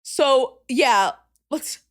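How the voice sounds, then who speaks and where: Young woman podcast host ranting about her week, high voice, goes quiet then loud, says like a lot. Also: extremely slow. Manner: animated, swings from hushed asides to loud exasperated outbursts, heavy filler "like". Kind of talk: casual storytelling chat.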